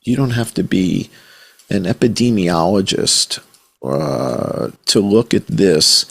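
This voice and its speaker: A man, a journalist guest on a podcast, talking in an animated, conspiratorial storytelling way and swearing casually. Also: lowish voice, slow, gravelly, slightly rough. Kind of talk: podcast conversation.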